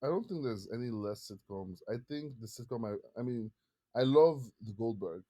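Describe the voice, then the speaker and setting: Animated guy on a podcast, voice bounces all over, playful. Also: medium pitch, moderate pace. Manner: animated, playful, jumps in with asides. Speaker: podcast co-host. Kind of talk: casual chat.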